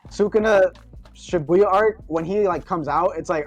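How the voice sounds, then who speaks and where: Relaxed male co-host, somewhat higher voice. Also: normal speed, faint music behind. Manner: relaxed, explains with lots of "like". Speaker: stream co-host. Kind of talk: casual group chat on a stream.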